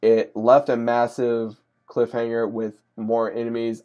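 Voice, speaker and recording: A man's voice: mid-range voice, monotone, measured pace, hardly any pauses, warm tone, smooth, lo-fi sound. A man casually recapping an anime episode, rambling from one moment to the next and stringing scenes together with "he says". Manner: rambling run-on retelling with many "he says". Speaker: anime reviewer.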